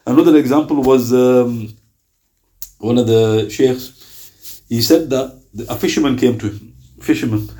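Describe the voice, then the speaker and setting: Mellow-voiced man preaching. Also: medium pitch, a little slow, long pauses. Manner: lively, joking, laughs often, acts out dialogue. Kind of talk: informal religious talk.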